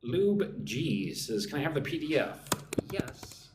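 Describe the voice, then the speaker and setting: An American man teaching business English on a live stream, speaking slowly and clearly and often checking in with "right?". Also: on the high side, very animated, a little mellow, reverberant, a little hiss or hum. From United States.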